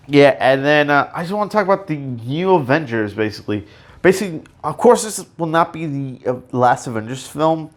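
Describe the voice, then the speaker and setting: A man hosting a casual solo podcast, rambling excitedly with many fillers and restarts and sudden emotional outbursts. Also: fairly high pitch, brisk. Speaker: podcast host.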